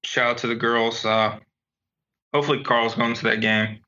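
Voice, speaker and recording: Leading segments on a sports podcast he co-hosts, a young man jokes around casually, saying um a lot. His mid-range voice is level, pushed and bright, at a moderate pace, captured in a dull lo-fi home recording over a call.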